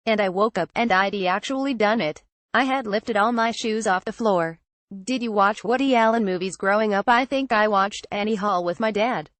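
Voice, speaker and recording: A woman reading a printed interview aloud as a narrator, in an even, steady manner. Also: medium pitch, moderate pace, dry recording. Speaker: article reader.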